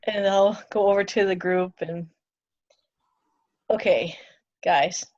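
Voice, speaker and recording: A woman's voice: mid-range voice, flat delivery, moderate pace, a little mellow, no room sound, highs cut off. A woman playing a tabletop game, sheepishly confessing in character. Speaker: player.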